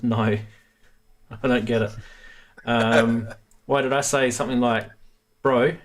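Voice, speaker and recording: A man hosting a casual livestream from a home studio, chatty and laughing often. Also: medium pitch. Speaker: livestream host.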